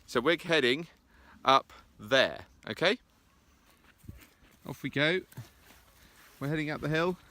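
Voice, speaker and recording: Bright-voiced man chatting on a walk. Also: on the high side, animated, slow pace, long pauses. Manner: chatty and self-deprecating, with frequent "uh" fillers. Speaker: business presentation coach. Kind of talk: casual walking vlog. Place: outdoors in the countryside.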